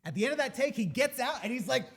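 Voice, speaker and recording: High voiced guy on a movie podcast, super animated storyteller, voice jumps all over. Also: rapid-fire, gravelly, heavy background noise. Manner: animated storyteller who acts out quotes. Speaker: podcast host. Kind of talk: casual movie podcast chat.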